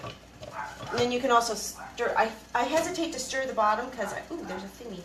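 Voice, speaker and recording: Cooking in her kitchen, a woman chats casually on a homesteading live stream, greeting viewers by name as she rambles. Her voice is on the high side, lively, slightly bright, and at normal speed. She carries the camera around the room, and the poor audio is reverberant.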